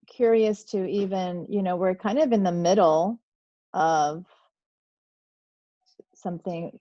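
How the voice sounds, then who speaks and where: A woman hosting an online session, calm and gentle, inviting people to share. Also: on the low side, no room sound, lo-fi sound. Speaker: host.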